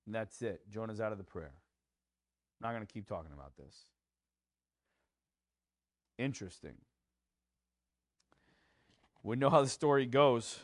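A man preaching a sermon in a conversational way, with fillers like "you know" and "kinda", who rises into animated acted-out quotes. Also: fairly low pitch, measured pace, long pauses, no echo, studio quality. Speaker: pastor.

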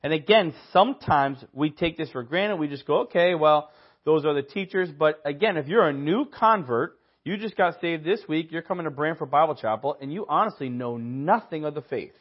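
Male church teacher, casual storytelling sermon delivery, slightly higher pitch, dull recording. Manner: conversational, tells personal stories, quick asides. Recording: dull lo-fi audio.

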